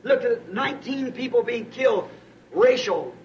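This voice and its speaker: A male preacher delivering a sermon, telling a story with many repeated "said"s and swinging from hushed tones to shouts. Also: very high voice, expressive, moderate pace. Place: church service. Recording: dull lo-fi archive tape with faint hiss.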